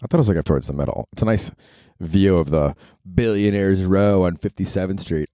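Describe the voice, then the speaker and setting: A man's voice: sits low, a little fast, warm tone, no room sound, studio quality. A man hosting his own podcast in a casual, rambling, profane and jokey monologue. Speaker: podcast host. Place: New York.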